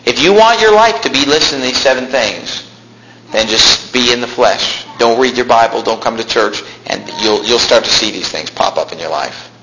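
A male pastor preaching a sermon in a church, emphatic, with animated asides. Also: medium pitch, normal speed. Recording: echoey room with faint noise.

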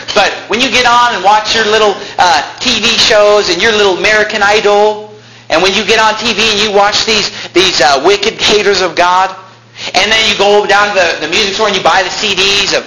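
A male pastor preaching a combative sermon, with big swings in pitch and loudness that climb to shouts. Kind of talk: fiery Baptist sermon. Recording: echoey room with faint noise.

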